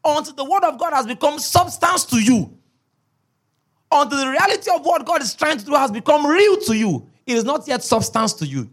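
A man's voice: extremely high pitch, very animated, a little fast, fairly bright tone. A man preaching a sermon as a pastor, emphatic, repeating key words and checking in with his listeners.

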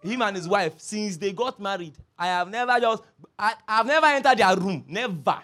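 A man preaching a sermon, telling stories with lively repetition. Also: high voice, normal speed. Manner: animated storytelling, repeats phrases, laughs often. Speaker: pastor.

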